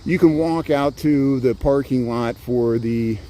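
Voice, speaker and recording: Livestreaming a walk through a city park on his phone, a Chicago-area vlogger rambles and greets his viewers in a chatty, casual way. His voice is medium-pitched, warm and a little slow, with a bit of hiss or hum in the audio.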